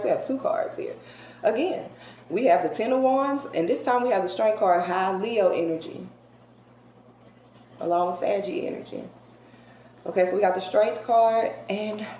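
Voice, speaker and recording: A woman chatting through a tarot reading in a loose, colloquial way, her voice at a middle pitch. She punches some words loudly and drops others to a near whisper. The room echoes around her, with a faint hiss underneath. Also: lo-fi sound. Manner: colloquial and emphatic, swinging between loud outbursts and hushed asides. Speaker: tarot reader. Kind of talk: casual tarot card reading to viewers. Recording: roomy echo with faint background hiss.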